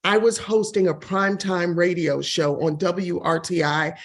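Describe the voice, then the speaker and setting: Woman w a gravelly edge, real estate + tv host talking about her career, lots of laughs, expressive. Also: measured pace. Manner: expressive, laughs often, shifts pitch when quoting others. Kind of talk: interview answer, personal story.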